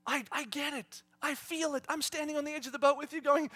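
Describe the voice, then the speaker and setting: A man preaching a sermon dramatically, swinging from hushed whispers to shouted exclamations and acting out the people in his stories. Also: very high-pitched, fairly even intonation, fairly quick, hardly any pauses. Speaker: pastor.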